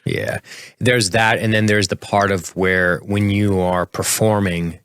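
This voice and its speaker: Deep-voiced podcast guy, chill recap chat, dry close sound. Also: measured pace, clean tone, dry recording. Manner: recaps scenes in a relaxed, chatty way. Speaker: podcast co-host.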